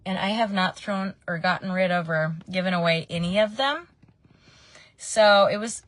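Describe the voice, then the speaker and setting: A chatty woman in her thirties talks through a makeup tutorial from her parked car, drifting into family stories. Her voice sits at an ordinary middle pitch. The recording is close and dry. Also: no echo. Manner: chatty and meandering, with frequent ums. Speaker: makeup vlogger. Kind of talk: casual makeup tutorial chat.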